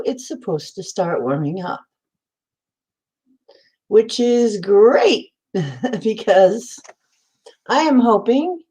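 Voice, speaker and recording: Slow-talking mellow woman livestream host. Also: mid-range voice. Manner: chatty, greets viewers by name, laughs often. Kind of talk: casual livestream chat.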